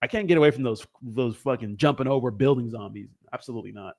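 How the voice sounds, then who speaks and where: A man's voice: medium pitch, fast talker, darkish tone. A young man hosts a casual livestream and rambles loosely to his viewers. He swears freely, jokes with the chat, and drifts from topic to topic in an easygoing, unscripted way. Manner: rambling, profane, joking with chat. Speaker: crypto livestream host.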